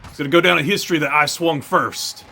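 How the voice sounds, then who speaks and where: A man's voice: on the high side, steady tone, fast talker, creaky, bright, forceful tone, soft background music. A young man hosting a let's play, joking and trash-talking over the gameplay. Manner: jokey, trash-talking, puts on silly voices.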